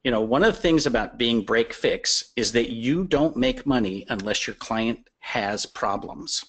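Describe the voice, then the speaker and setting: A man speaks as a guest expert on a webinar. He talks in a mid-pitched voice, conversational and persuasive, and drops in stories to make his points. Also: animated, a little slow, fairly bright tone. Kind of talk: explaining business advice on a webinar.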